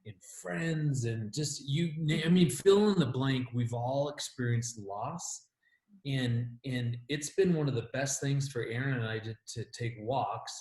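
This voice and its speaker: Middle-aged man, interview guest, lively and talkative, average pitch, echoey room. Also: a little slow. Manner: animated storyteller with frequent restarts and laughs. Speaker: marriage expert guest. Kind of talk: conversational interview. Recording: roomy echo.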